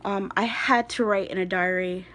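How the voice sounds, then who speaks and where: A young woman in a chatty, rambling self-introduction, recorded on a phone. She speaks at an ordinary pitch for a woman and drifts into tangents with small laughs along the way. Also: fairly even intonation, moderate pace, a bit bright. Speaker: craft vlogger.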